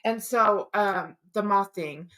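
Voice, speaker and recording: A woman telling her dream to her podcast co-host in a loose, chatty way. She swears freely and livens the story up with quoted asides, keeping a middle pitch. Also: takes it slowly. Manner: profane, animated storytelling. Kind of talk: casual chat, recounting a dream.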